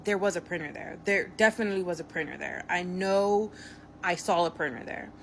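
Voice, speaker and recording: A woman voicing a flustered young library patron who talks in rushed, anxious explanations. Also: on the low side, gravelly, a bit bright, a little hiss or hum.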